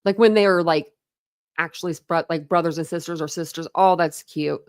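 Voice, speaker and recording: A woman's voice: fairly low pitch, steady tone, fairly quick, darkish tone, smooth, no room sound, studio quality. A woman hosting a true crime livestream, chatting casually with viewers, rambling and laughing often.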